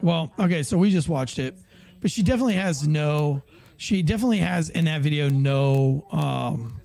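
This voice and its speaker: A man's voice: a little high, expressive, normal speed, gravelly, dark tone. A man hosting a podcast, recapping celebrity news in loose, rambling casual chat with lots of fillers. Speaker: podcast host.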